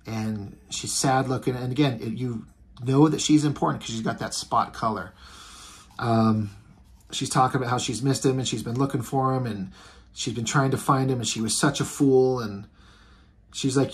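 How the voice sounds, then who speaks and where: A man's voice: medium pitch, moderate pace. A man casually reviewing a comic book, rambling along with lots of ums and restarts. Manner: rambling, filler-heavy.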